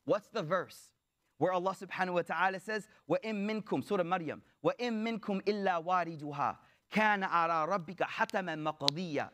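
High-voiced young man, casual storytelling sermon. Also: fairly bright tone. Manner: casual slangy delivery, acts out quoted speakers. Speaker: preacher.

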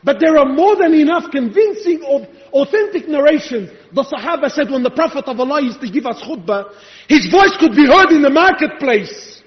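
A man's voice: extremely high pitch, lively intonation, normal speed. A male preacher giving an impassioned, rhetorical sermon, challenging his listeners. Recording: echoey hall, dull lo-fi sound.

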